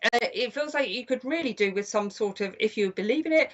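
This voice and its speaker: Older woman, psychic medium, chatty and gentle, live-stream readings, dull lo-fi audio. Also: a little high, expressive, a little fast. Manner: chatty and gentle, calls people "my lovely".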